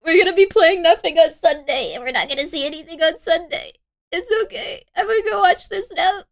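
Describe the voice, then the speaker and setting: Very high-voiced gushing woman streamer. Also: lively intonation, brisk. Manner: gushing, rambling, repeats herself. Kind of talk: casual live-stream chat.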